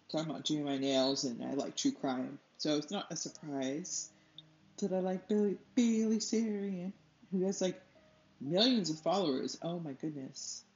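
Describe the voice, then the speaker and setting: A woman artist chatting casually as she paints, rambling and losing her train of thought, laughing often, a little stuffy from allergies. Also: deep voice. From United States. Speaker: artist and channel host. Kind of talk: casual chat while painting. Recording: slightly dull, roomy, faint music.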